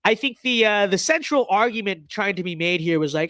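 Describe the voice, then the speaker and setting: A man's voice: high voice, moderate pace, few pauses, fairly bright tone, no echo. A man hosting a political commentary show who talks in a sarcastic, mocking way, with lots of fillers and restarts. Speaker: host.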